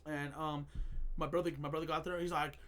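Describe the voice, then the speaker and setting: A podcast co-host chats casually in a rather high, slightly bright voice, speaking a bit fast with a flat delivery. His stories ramble, are full of fillers, and are broken up by frequent laughter.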